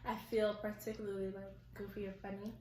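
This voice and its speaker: A woman's voice: mid-range voice, monotone, brisk, warm tone. A young woman vlogger in casual chat, rambling and chatty with lots of "like". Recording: echoey room, mic at a distance.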